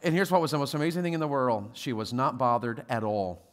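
Speaking fast and animatedly at a medium pitch, a man preaches as a visiting pastor. He voices characters in his stories and alternates between quiet asides and loud exhortation.

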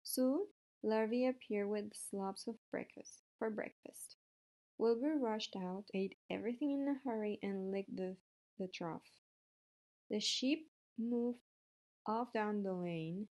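A woman reading a children's book aloud in a steady way, with the odd small slip. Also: medium pitch, slow. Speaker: reader.

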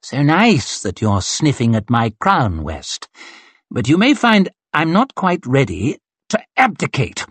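A man's voice: mid-range voice, huge pitch swings, a little slow, a bit bright, husky, no room sound, full character voice. A man reading an audiobook, voicing an arrogant, sneering male colonel and swordsman with a mocking, condescending drawl.

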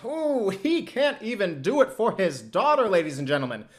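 A man's voice: high voice, very animated, moderate pace. A man voicing a sinister carnival barker who taunts his customer with oily, overly polite mockery. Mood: mocking.

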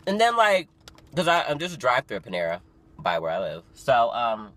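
A young man of nineteen vlogging casually, chatty and dramatic, full of fillers and sudden loud, excited storytelling. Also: medium pitch, normal speed. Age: young adult. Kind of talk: casual vlog talk to camera. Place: parked car. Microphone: phone camera.

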